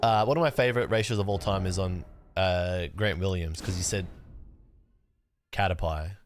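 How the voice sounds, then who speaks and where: A man's voice: low-pitched, normal speed, slight background noise. A young man chatting casually on a livestream while gaming, laid-back and rambling, cursing now and then. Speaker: streamer.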